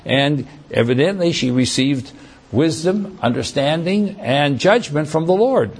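A man preaching a sermon, reading Bible verses aloud and commenting on them in a halting way with many restarts. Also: on the high side, animated, slightly rough.

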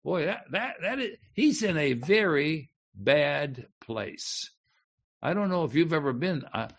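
A man reading a psalm aloud and explaining it, slow and emphatic, pausing and restarting as he thinks. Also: mid-range voice, gravelly, a bit bright. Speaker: Bible teacher.

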